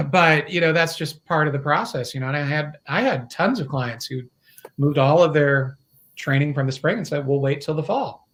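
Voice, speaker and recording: A man's voice: on the high side, normal speed. A man at home, a small business owner, chatting casually as a podcast guest and laughing easily. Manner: relaxed, conversational, laughs often. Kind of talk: casual video podcast chat. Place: home, with his dogs.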